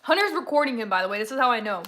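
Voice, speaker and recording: A woman's voice: fairly high pitch, big pitch swings, very fast, a bit bright. A woman from Texas, chatting casually with viewers on a livestream, rambling through stories and laughing often. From San Antonio, Texas, USA.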